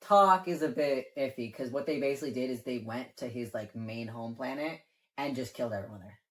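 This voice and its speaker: A man's voice: mid-range voice, brisk, a bit bright. A man co-hosting a casual chat and explaining game lore in a rambling way, leaning on filler words and swearing now and then. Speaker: co-host.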